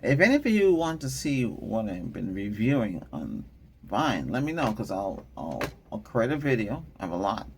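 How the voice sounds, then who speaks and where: A man's voice: lowish voice, big pitch swings, moderate pace, slight background noise. A middle-aged man hosting a tech channel, chatting casually and rambling, often laughing and trailing off mid-thought. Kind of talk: casual rambling vlog chat.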